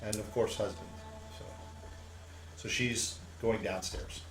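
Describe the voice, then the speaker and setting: A man's voice: lowish voice, fairly even intonation, slow pace, music in the background, low-quality recording. A man narrating as game master, telling the scene in a loose, rambling way with many fillers.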